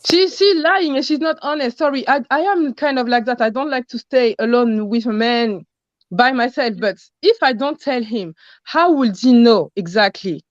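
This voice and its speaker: A woman with a French accent, a caller speaking bluntly in casual chat, often pausing to search for English words. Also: fairly high pitch, no room sound, dull audio.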